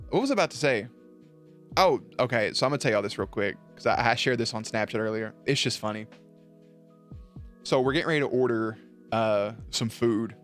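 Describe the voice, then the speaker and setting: A man's voice: medium pitch, normal speed, long pauses, a bit bright, soft background music. A young man streaming live, telling stories to his chat in a casual, profane and laughing way.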